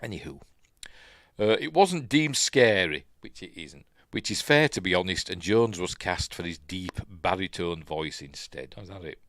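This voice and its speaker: Brief: Yorkshire man hosting a news stream, lowish voice, dry close sound, rambling chatty asides. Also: normal speed, a bit bright, dry recording. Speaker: live-stream news host. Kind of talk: casual live-stream news chat.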